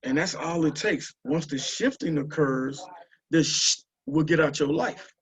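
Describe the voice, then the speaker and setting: A man from Houston, telling a story and urging listeners on a group call, with animated, repetitive exhortation. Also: on the high side, a little slow, husky. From Houston, Texas. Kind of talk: motivational storytelling. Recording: muffled lo-fi call audio.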